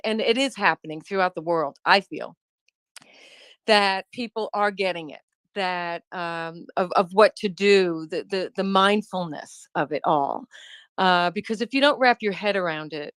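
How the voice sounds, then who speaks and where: A woman talking as a guest in a casual online chat, reflective and halting, often restarting her phrases. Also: mid-range voice, fairly bright tone, no room sound.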